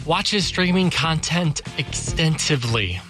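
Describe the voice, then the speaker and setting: A man's voice: on the high side, lively intonation, unhurried, music in the background. A man co-hosting a morning radio show, easygoing and a little hesitant in casual banter.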